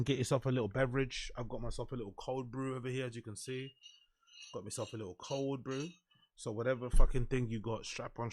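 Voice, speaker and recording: A man hosting a live stream, ranting and swearing heavily about his football club, then calming down and muttering as he greets viewers. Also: medium pitch, no echo, studio quality. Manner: subdued and muttering after the rant. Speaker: streamer and show host.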